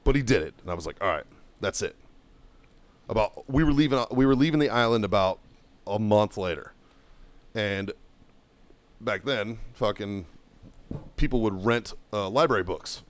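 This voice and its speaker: A man's voice: on the low side, moderate pace, long pauses. Profane man telling a story. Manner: profane, animated storytelling with shouted quotes. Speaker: podcast host. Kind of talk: casual storytelling chat.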